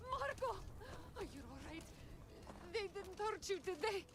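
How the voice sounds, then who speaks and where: A woman's voice: very high voice, lively intonation, a little slow, full character voice. A female actor voicing an anxious townswoman in a video game, fussing over a loved one. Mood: worried. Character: frantic woman worried for a loved one. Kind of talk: game voice acting.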